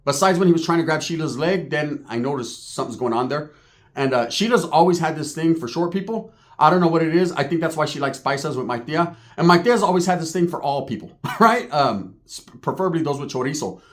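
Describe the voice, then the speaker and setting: A man's voice: on the high side, lively intonation, fairly quick. A man telling a profane, comic story in casual talk, tagging his lines with "right?". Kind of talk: comedic storytelling.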